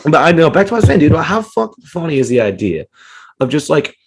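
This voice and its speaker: A man's voice: sing-song, fast talker, slightly rough. A man co-hosting a comedy podcast, ranting casually with lots of swearing and mocking put-on voices. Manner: profane, ranting, jumps into high mocking voices. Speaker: podcast co-host.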